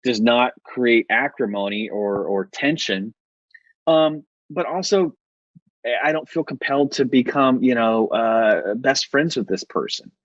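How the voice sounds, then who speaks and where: A man's voice: mid-range voice, expressive, unhurried, no room sound, dull audio. Chatty American man, rambling storyteller. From United States. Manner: rambling, self-correcting, laughs often. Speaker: podcast guest. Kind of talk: casual interview storytelling.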